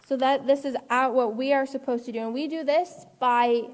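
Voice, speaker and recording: A woman's voice: high voice, steady tone, moderate pace, darkish tone. Earnest woman teacher in echoey hall. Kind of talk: live online class lesson.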